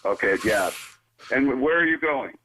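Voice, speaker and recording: A man's voice: mid-range voice, animated, normal speed, sharp tone, slight background noise. A man working as a car service dispatcher on the phone, impatient and confused, asking the same things again and again. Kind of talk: phone call. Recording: dull phone line.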